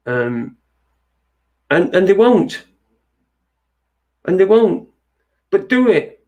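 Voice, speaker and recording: A man's voice: high voice, animated, slow pace, pauses often, a little mellow. A man hosting an internet radio show, ranting in a sweary, agitated, rambling way with many restarts. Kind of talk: ranting monologue.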